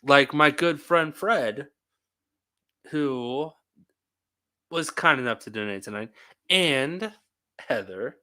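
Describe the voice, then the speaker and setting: A man's voice: medium pitch, animated, takes it slowly, long pauses, bright, forceful tone. A tired man hosting a live stream, chatting in a rambling, talkative way and laughing often. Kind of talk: casual live-stream chat.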